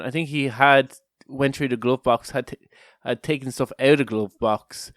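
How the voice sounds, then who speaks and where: A man's voice: mid-range voice, a bit bright, clean tone, no echo, studio quality. A man co-hosting a casual podcast, joking around, laughing often and telling rambling stories. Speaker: podcast co-host.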